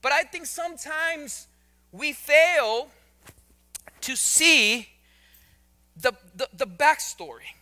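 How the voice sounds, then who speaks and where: A man's voice: very high-pitched, animated, slow pace, pauses often, bright, forceful tone. A male pastor preaching a sermon in a conversational way, often repeating words and adding joking asides.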